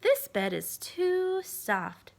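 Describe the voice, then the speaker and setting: A woman voicing a curious, choosy little girl in a storybook, speaking her lines slowly and drawn-out. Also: high voice, huge pitch swings, fairly bright tone, exaggerated voice.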